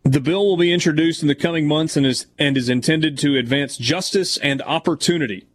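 A man's voice: a little high, brisk. A man hosting a sports talk show who reads news passages aloud and then adds casual comments. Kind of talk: reading news and discussing on air.

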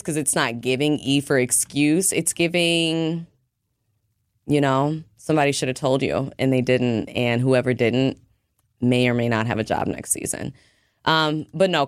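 A woman hosting a radio show, talking in a chatty, teasing, animated way. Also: extremely low pitch, clean tone, no echo, clean studio sound. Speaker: radio host. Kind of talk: casual radio talk.

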